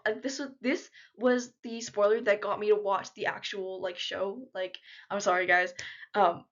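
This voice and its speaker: A young woman talking casually to camera in an unedited vlog, chatty and full of fillers, gushing like an excited fan. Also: mid-range voice, normal speed. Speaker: vlogger. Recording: slightly dull lo-fi audio.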